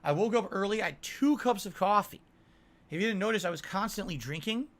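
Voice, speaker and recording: On his casual livestream, a man answers viewer messages defensively, often checking with "right?". His voice sits high and sounds expressive and fairly bright, moving at a fairly quick pace.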